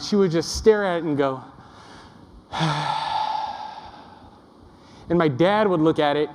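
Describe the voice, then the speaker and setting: Young man, keynote speaker, self-deprecating, joking with the crowd, high voice, echoey conference hall. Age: young adult. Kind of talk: humorous keynote storytelling. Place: large conference hall before a live audience.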